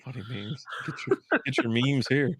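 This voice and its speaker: A man's voice: mid-range voice, moderate pace, husky, dry recording. A man co-hosting a casual live chat about football and beer, loose and profane with mocking asides. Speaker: co-host.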